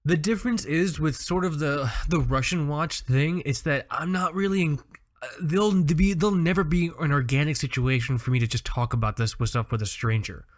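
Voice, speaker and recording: A man's voice: fairly high pitch, fairly quick. Wired, profane man telling stories. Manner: animated, profane storytelling. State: wired from coffee. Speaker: podcast co-host. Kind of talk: casual chat.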